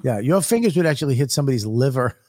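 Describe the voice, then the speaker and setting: A man's voice: mid-range voice, animated, a little fast, a little mellow. A man co-hosting a podcast, trading brash, profane jokes in casual banter. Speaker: podcast co-host. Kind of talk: crude comedic banter.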